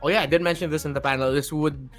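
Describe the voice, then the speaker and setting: A man's voice: a little high, steady tone, rapid-fire, soft background music. A man, an esports caster, analyzing results and thinking aloud on a recap panel.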